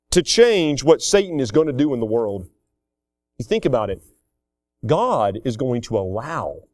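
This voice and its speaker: A middle-aged man with a drawl preaches with homespun energy, laughing often and slipping into quoted voices. His voice sits a little high for a man. The sound is dry and close, with no room around it. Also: no room sound. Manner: folksy, animated preaching with chuckles and acted-out quotes. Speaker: pastor. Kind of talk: sermon.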